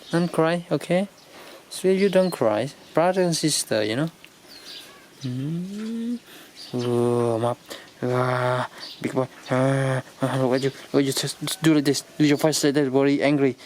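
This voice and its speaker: A woman with a low voice talks slowly to her puppies in a cooing, coaxing tone. Her pitch swoops widely as she soothes them in baby talk. The recording carries a steady background noise. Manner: coos and coaxes in sing-song baby talk. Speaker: dog caretaker filming her puppies. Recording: noisy background hiss.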